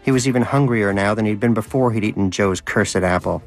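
A man narrating a storybook in a wry, measured way. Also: fairly low pitch, faint music behind.

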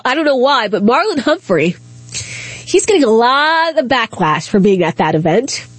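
A woman's voice: sits high, dry recording. A woman radio talk show host, out of breath, chatting with sarcastic asides from the studio.

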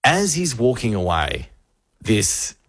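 A man, hosting a radio show and telling a story with lively energy. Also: lowish voice, slow. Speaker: radio host. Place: radio studio.

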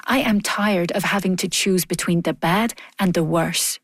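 A woman reads a first-person account in a low, earnest voice. She sounds weary and restrained. The recording is close and dry. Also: normal speed, no room sound. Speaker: voice-over reading a diary. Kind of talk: measured first-person voice-over.

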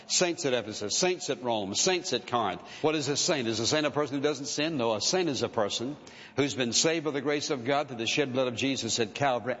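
A male pastor preaching with earnest emphasis, firing rhetorical questions at his listeners. His voice sits at an ordinary middle pitch. The sound is slightly dull, with a long reverb from a large hall. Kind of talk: sermon.

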